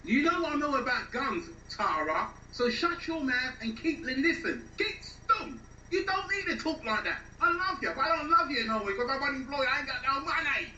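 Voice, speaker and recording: A man plays a jobless English boyfriend with an English accent, whiny, defensive and rambling. The voice sits unusually high and bright for a man. The radio play sounds echoey and dull, as if taken from a distance. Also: expressive, moderate pace, hardly any pauses, slight background noise, full character voice. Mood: weary. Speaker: actor. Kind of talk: radio drama acting.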